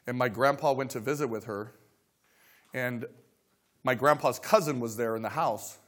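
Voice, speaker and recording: A man preaching a sermon, telling stories and acting out scripture dialogue, dropping to quiet asides between loud exclaimed lines. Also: mid-range voice, normal speed. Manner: storytelling, swings from soft asides to loud dramatic quotes; acts out dialogue of scripture characters. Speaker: pastor.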